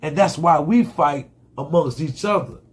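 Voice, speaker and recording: A man's voice: fairly high pitch, unhurried, slightly rough. A man giving a fiery, profane monologue full of rhetorical questions. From United States. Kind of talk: impassioned monologue.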